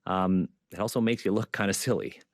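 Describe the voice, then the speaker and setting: Earnest low-voiced man on a panel. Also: fairly even intonation, brisk, no room sound, clean studio sound. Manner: earnest, lots of fillers and repeated points. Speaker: panelist and zine creator. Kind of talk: online panel discussion.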